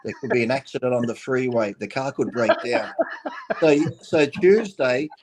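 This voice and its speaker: A man's voice: medium pitch, expressive, normal speed, darkish tone. Rambling Australian man in his fifties. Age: 50s. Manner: rambling, swears, laughs through anecdotes. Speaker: bodybuilder guest on a talk show. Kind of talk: casual storytelling.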